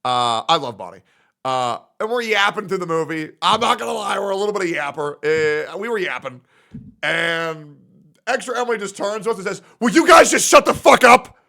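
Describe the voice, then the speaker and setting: A man streaming live, ranting loudly and profanely, swinging between shouts and low mutters. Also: expressive, a little fast, vocal fry. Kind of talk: ranting casual chat.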